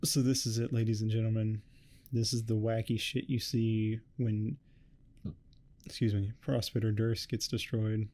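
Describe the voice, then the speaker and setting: A man giving a rambling, heavily swearing casual recap of a webcomic, tossing off quick quotes of the characters. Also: lowish voice, little pitch movement, warm tone. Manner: swears a lot, rambling and offhand. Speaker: host. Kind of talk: casual comic recap commentary.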